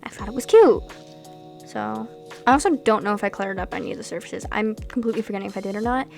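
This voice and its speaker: A young woman chatting casually over her gameplay, rambling from one thought to the next with animated asides. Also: medium pitch, fast talker, vocal fry, faint music behind. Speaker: Sims gameplay creator.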